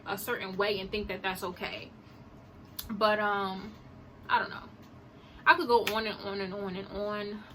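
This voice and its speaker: A woman's voice: mid-range voice, sharp tone, slight background noise, rough recording. A young woman vlogger giving an impassioned, indignant opinion monologue to her camera. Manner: emphatic, indignant, rhetorical.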